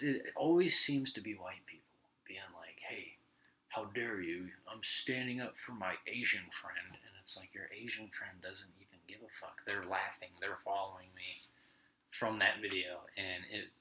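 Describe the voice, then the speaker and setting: A man's voice: lowish voice, bright, forceful tone, rough recording. A man hosting a podcast, telling stories in a casual, profane, rambling monologue. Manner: profane, ranting storyteller. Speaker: podcast host.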